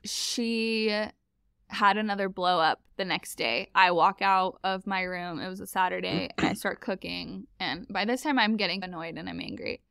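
A young woman casually telling a story, acting out the quoted lines in a lively, higher voice. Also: normal speed, gravelly, smooth, dry recording, clean studio sound.

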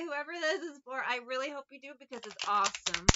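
A woman's voice: sits high, expressive, fast, hardly any pauses, dull audio, heavy background noise. A woman giving a casual tarot reading in a blunt, profane, mocking way. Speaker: tarot reader.

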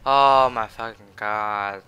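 A man commentating his own match, swearing and swinging from low muttering to shouted taunts. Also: steady tone, takes it slowly, clear, resonant tone, soft background music. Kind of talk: raging gameplay commentary.

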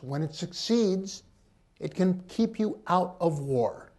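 A man's voice: sits high, lively intonation, slow pace, a little mellow. A man on a panel making emphatic points with rhetorical questions and wry asides. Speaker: author and journalist on a panel. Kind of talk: panel discussion.

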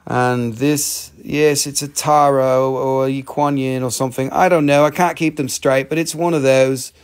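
A man's voice: medium pitch, fairly even intonation, unhurried, clear, resonant tone. A man selling rocks and minerals on a live stream, joking around, rambling and swearing casually. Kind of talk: casual live sales chat.

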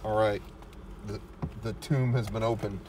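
A man hosting a casual chat while eating in a car, excitable and cursing freely. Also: fairly low pitch, unhurried. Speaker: host. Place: inside a parked car. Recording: distant mic in a car, faint noise.

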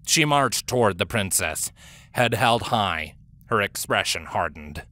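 A man narrating a fantasy audiobook in an even storytelling manner. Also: on the low side, measured pace.

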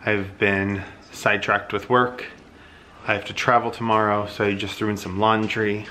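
A man's voice: lowish voice, little pitch movement, moderate pace, pushed and bright, slight background noise. A man hosting his own daily home vlog, chatting casually and filling his talk with "like". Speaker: vlog host.

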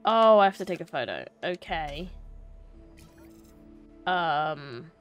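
Young woman for gameplay commentary: unhurried, sing-song delivery, faint game music behind her. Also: low-pitched, sing-song, clean tone. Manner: chatty, talks to herself and to game characters. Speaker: streamer.

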